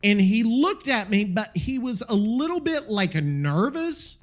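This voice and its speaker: A man's voice: high-pitched, animated, unhurried, faint music behind. Tired profane podcast guy rambling. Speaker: podcast host. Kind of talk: casual solo podcast rant.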